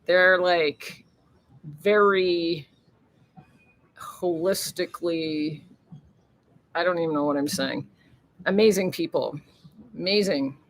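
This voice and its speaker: A woman's voice: lowish voice, slow, pauses often. A woman hosting a casual livestream, chatting and reading viewer comments aloud, swearing freely. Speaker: livestream host.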